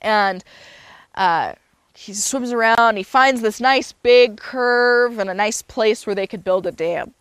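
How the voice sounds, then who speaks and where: A woman's voice: on the high side, slow, smooth, no echo. Woman telling a tale aloud, dry sound. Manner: loose and unscripted, with fillers and self-corrections. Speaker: storyteller. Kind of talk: casual spoken storytelling.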